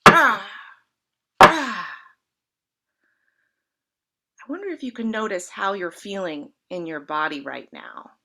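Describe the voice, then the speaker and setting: A woman reading a picture book aloud to children, gently inviting the listeners with questions. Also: fairly low pitch, sing-song, normal speed, vocal fry, few pauses. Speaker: storyteller.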